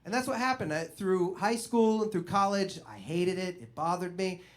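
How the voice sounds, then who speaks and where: Young male comic, high voice, animated, self-mocking stand-up delivery. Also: normal speed. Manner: animated storyteller, self-deprecating. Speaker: stand-up comedian. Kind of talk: stand-up comedy.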